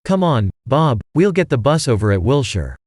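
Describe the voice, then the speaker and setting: A man's voice: medium pitch, sing-song, normal speed, a little mellow, dry recording, clean studio sound. A man reading an eager teenage boy.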